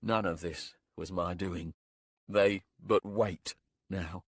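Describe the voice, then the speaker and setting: Frightened warlock for a fantasy audiobook, rough hissing voice, lifted higher and louder than the narration, played by a male narrator. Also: fairly even intonation, slow, dry recording, studio quality, full character voice. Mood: frail. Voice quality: rough hiss.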